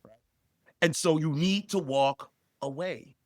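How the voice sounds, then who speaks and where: Forceful man giving blunt advice. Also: fairly high pitch, takes it slowly, no echo, studio quality. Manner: forceful, repetitive, rises sharply for emphasis. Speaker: podcast co-host. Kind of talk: emphatic advice talk.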